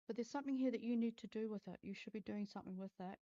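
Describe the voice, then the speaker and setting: Woman, intuitive reader on a livestream; frank, foul-mouthed, warm low tone, muffled sound. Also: very fast. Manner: blunt, swears freely, talks straight to viewers. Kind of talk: live-streamed psychic reading.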